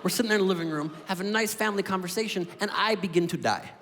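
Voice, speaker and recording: A man in his thirties doing a neurotic, animated stand-up set on stage with a handheld mic, recorded live with an audience. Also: high voice, rapid-fire. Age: 30s. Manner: animated, neurotic storytelling with voice swings. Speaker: stand-up comedian. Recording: live hall with crowd laughter and noise.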